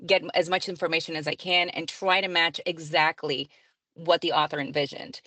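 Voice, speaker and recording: A woman's voice: deep voice, fairly even intonation, brisk, sharp tone, no echo. Chatty woman narrator, dry sound. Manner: chatty, laughs often, many fillers. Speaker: audiobook narrator and librarian. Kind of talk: casual interview answers.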